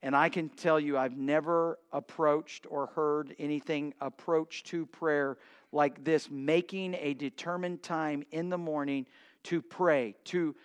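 High-voiced man preaching conversationally. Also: fairly even intonation, a little slow, clear, resonant tone. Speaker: pastor. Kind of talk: sermon.

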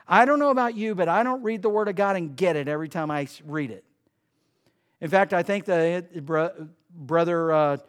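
A man preaching a sermon in church, swinging between loud emphasis and quiet asides. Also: high voice. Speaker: pastor. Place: church sanctuary.

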